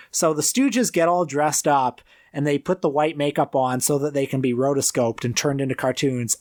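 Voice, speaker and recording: A man co-hosting a film podcast, retelling a movie scene in casual chat and often cracking up as he talks. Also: on the high side. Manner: laughing storyteller, breaks into goofy quoted voices. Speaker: podcast co-host.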